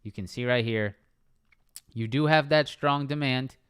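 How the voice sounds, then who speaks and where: A man's voice: medium pitch, measured pace, fairly bright tone, smooth. A young man streaming live market analysis, talking casually, repeating price levels and asking "right?" often. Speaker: stock trading live streamer. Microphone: streaming microphone.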